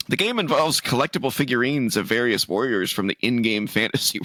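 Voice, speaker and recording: A man's voice: medium pitch, animated, a little fast, few pauses, bright, forceful tone, no room sound. A man from Canada co-hosting a casual gaming podcast, who reads news aloud and laughs often. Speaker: podcast co-host.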